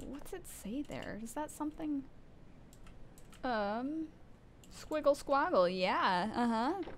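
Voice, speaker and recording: A woman streamer talks through a game live, her voice higher than most and swinging widely in pitch. She rambles, mocks herself and chats with her viewers. A faint hiss sits under her voice. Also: expressive, slow pace, pauses often. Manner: rambling, self-mocking, chatting to viewers; startled outbursts. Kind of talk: casual live gameplay commentary.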